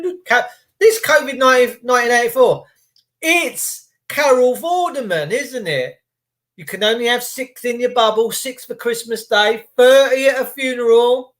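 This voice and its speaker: Male livestream host, high voice, indignant and sarcastic rant delivered straight to chat. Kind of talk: ranting livestream commentary.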